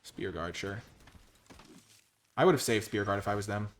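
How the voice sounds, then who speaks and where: A man commentating his own card game, switching between quiet muttered analysis and loud, mock-grandiose cheering. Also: on the low side, normal speed. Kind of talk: gameplay commentary.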